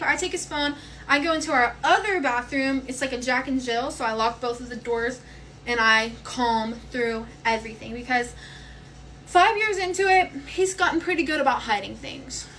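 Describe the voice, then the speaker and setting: A young woman in her twenties casually telling a storytime vlog, animated and chatty as she retells what happened. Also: high voice, a little hiss or hum, poor audio.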